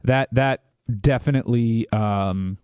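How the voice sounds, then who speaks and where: A man's voice: medium pitch, darkish tone, smooth, no echo, studio quality. Opinionated man talking sports. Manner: confident, opinionated, rapid predictions. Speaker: sports show co-host. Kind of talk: casual sports talk.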